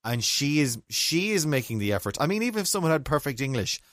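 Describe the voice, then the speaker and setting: A man's voice: fairly high pitch, sing-song, fast talker, a bit bright, no room sound, studio quality. An Irish man from Mayo co-hosting a podcast, telling a story in casual chat and often laughing. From Ireland (County Mayo). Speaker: podcast co-host.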